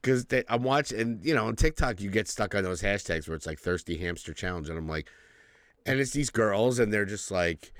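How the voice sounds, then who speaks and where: A man in his forties, co-hosting a casual podcast chat, telling animated stories with lots of laughs and casual swearing. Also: lowish voice, brisk, dry recording, clean studio sound. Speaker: podcast co-host.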